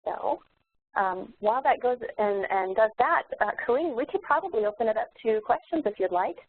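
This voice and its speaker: A woman instructor demonstrating software in a live webinar, explaining steps in a relaxed way with many fillers and restarts. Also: on the high side, normal speed, husky, no room sound. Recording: tinny phone-like webinar audio.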